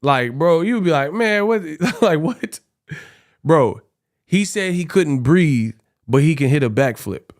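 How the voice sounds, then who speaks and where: Slow-talking young male boxing vlogger. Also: on the high side, animated. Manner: laughing, slangy, calls listeners bro and y'all. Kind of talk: casual commentary.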